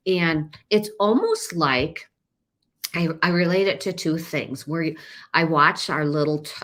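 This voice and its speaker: A woman's voice: low voice, animated, unhurried, a bit bright. A middle-aged woman hosting a solo podcast, explaining things earnestly and often restarting or repeating her words. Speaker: podcast host and caregiver coach.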